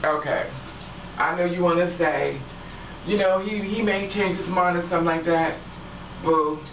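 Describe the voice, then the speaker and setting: A woman's voice: lowish voice, moderate pace. Frank, profane woman vlogging in an echoey room. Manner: frank, profane, laughs often. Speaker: vlogger giving relationship advice. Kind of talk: casual straight-talking vlog. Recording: echoey room, distant dull mic, faint background noise.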